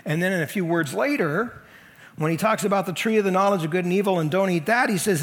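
A man's voice: high voice, brisk, a bit bright, long reverb tail. A man preaching a sermon as senior pastor, talking to the congregation in a conversational and emphatic way. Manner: conversational, emphatic, leans into quoted voices.

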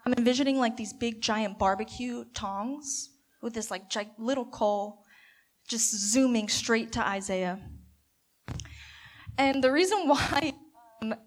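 A woman giving a halting, imaginative reflection at a church gathering, with many restarts. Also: fairly high pitch. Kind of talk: sermon reflection.

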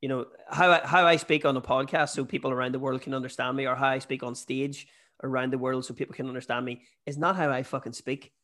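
A man's voice: mid-range voice, steady tone, fast, a bit bright. Northern Irish man hosting a casual podcast. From Northern Ireland. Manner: conversational, swears casually. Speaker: podcast host. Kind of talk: casual chat.

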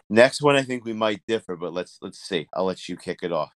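A man co-hosting a casual sports podcast, talking in an animated way, laughing often and restarting his sentences. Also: on the low side, no echo. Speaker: podcast co-host.

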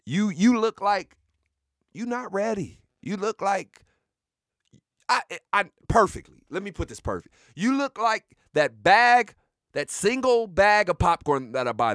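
A man hosting a sports podcast, delivering comedic, mocking trash talk with sudden shouted bursts. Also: fairly high pitch, no echo, clean studio sound.

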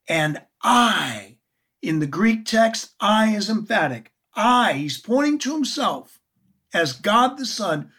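A woman giving a Bible teaching in an earnest, expressive way, often asking her listeners questions. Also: mid-range voice, slow, slightly rough. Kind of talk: sermon teaching.

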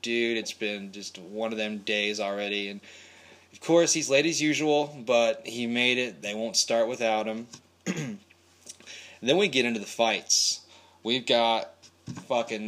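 Man, lowish voice, profane rambling movie recap host, laid-back delivery. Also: fairly bright tone.

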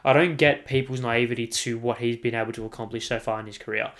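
A man's voice: mid-range voice, fairly even intonation, quick pace, a bit bright. Emphatic Australian man ranting. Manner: emphatic, repeats himself, swears freely. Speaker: podcast host. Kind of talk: solo sports podcast rant.

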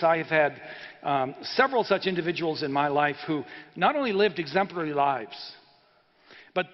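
Male pastor, earnest and chatty, reverberant hall with a dull sound. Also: fairly high pitch. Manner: earnest, conversational, frequent uh fillers. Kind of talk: sermon. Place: church sanctuary.

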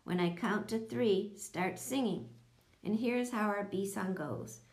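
A woman voicing a gentle, patient young female teacher in a children's story. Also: mid-range voice, a little slow, lightly acted. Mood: cheerful.

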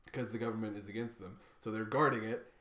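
A man's voice: fairly low pitch, steady tone, fast talker, fairly bright tone, roomy sound. A man co-hosting a casual livestream from a living room, telling a long story in a rambling way and swearing freely. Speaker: livestream co-host. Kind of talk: casual chat.

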